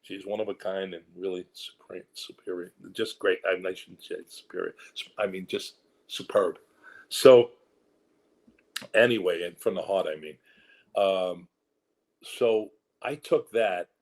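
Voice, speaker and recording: A man, an actor being interviewed, telling animated stories about his career. He rambles with restarts and asides and slips into voices to quote people. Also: sits low, measured pace. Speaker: actor and guest.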